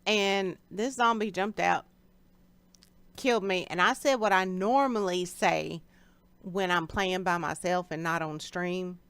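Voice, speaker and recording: Woman, live-stream host, chatty and direct with viewers; smooth, clear voice, dry close sound. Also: on the low side, unhurried, a bit bright, no room sound. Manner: chatty, reads out viewer names and answers them directly. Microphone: streaming setup.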